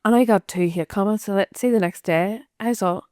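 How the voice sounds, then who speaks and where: Frank woman, smooth dry voice. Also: mid-range voice, a little fast, dark tone, no echo. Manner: frank and chatty, swears freely, laughs often. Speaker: podcast guest, social media creator. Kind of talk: candid casual chat.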